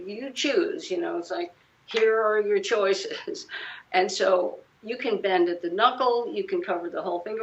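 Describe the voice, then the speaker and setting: A woman's voice: mid-range voice, muffled recording. A woman in her seventies, a guest musician, chatting casually in an interview and telling rambling anecdotes full of restarts. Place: living room at home.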